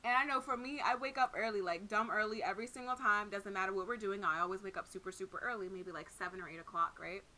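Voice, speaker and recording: A young woman co-hosting a casual podcast, telling stories in an animated, laughing, profane way. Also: medium pitch, fast, hardly any pauses. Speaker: podcast co-host.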